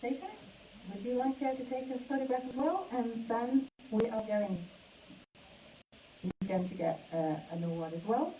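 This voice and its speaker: A woman hosting a live awards ceremony. She speaks haltingly, with many fillers and restarts. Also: a little high, noisy background. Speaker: awards host. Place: event hall. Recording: echoey hall, mic from a distance.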